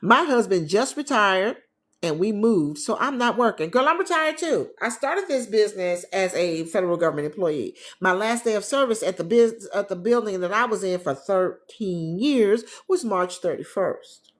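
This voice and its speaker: A retired woman hosting a casual livestream from her living room, chatting with viewers and reading their comments in a lively, animated way. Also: medium pitch, moderate pace. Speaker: travel agent business coach, livestream host.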